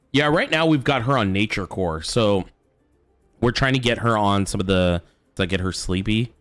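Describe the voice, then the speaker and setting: A man's voice: deep voice, fairly bright tone, no room sound. A young adult man hosting a game stream, chatting casually in a laid-back way and swearing freely as he reacts to the game. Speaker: streamer host. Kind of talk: casual chat while gaming.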